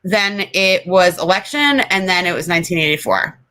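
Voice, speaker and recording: A woman's voice: fairly low pitch, lively intonation, normal speed, pushed and bright. A woman co-hosting a podcast, chatting casually, blunt and opinionated and swearing freely. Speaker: podcast co-host. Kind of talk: casual chat.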